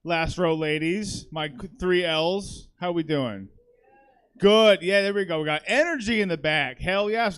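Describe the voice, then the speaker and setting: A man's voice: fairly high pitch, a bit bright, clean tone. A man hosting a comedy show, bantering playfully with the audience between acts. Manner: playful, teasing crowd work.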